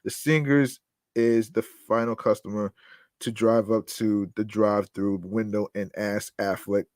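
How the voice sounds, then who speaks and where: Slow, laid-back male podcast host. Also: on the low side, steady tone, darkish tone, no echo, studio quality. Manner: casual, swears freely, laughs at his own material; stumbles and repeats words while reading. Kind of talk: reading news stories aloud with offhand commentary.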